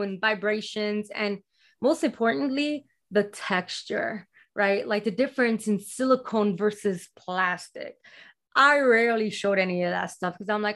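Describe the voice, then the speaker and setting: A woman in a casual interview, telling lively stories and quoting herself and others with animation. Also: on the high side. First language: bilingual in Spanish. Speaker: guest.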